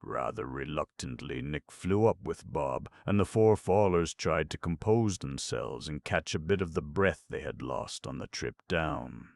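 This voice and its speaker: A man narrates a storybook in a steady, measured reading. His voice is extremely low with a gravelly edge. The recording is dry and close, with no room sound. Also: no room sound. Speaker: audiobook narrator.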